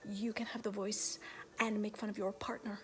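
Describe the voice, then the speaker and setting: A woman medium in trance, giving a channeled message as a collective "we" in a slow, hushed, often whispered, repetitive delivery. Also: mid-range voice, level tone, soft background music. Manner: speaks as a collective "we".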